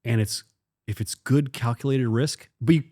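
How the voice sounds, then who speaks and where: A man's voice: mid-range voice, normal speed, dark tone. A man who is a guest on a talk show, speaking bluntly and emphatically and swearing freely in a casual chat.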